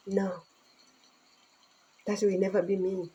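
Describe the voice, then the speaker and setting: Middle-aged woman from Tanzania, earnest casual vlog to phone, mellow husky tone. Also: on the low side, measured pace, low-quality recording. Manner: earnest, speaking broken English with laughter. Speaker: vlogger.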